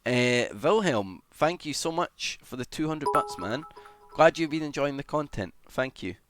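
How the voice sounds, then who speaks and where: A man streaming live, chatting casually as he reads and answers comments, with sudden excited shouts. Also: a little high, unhurried, over music. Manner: chatty, greets viewers, bursts into excited shouts.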